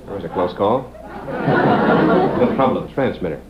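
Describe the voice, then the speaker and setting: A man's voice: sits low, animated, measured pace, a loud crowd. A man hosting a late-night TV show, bantering playfully with a chuckle and reading out tongue twisters. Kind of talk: casual on-air banter. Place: TV studio. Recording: dull hissy off-air TV recording.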